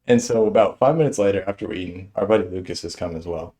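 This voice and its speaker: A young man spins a comic stand-up story in a lowish, mellow voice. He is animated and chuckles through his own telling. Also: fast. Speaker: stand-up comedian.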